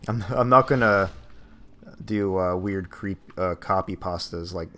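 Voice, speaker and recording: A man's voice: low-pitched, unhurried, a bit bright. A man casually commenting on his own gameplay as a streamer, joking and chatty, with a lot of laughing.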